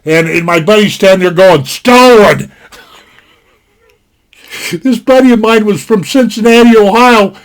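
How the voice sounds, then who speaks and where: A man's voice: high-pitched, moderate pace, long pauses. An older man from Montana telling a rambling, folksy anecdote at home, packed with "you know" asides. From Montana, USA. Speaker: storyteller. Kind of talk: casual spoken anecdote. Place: home desk. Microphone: desktop mic.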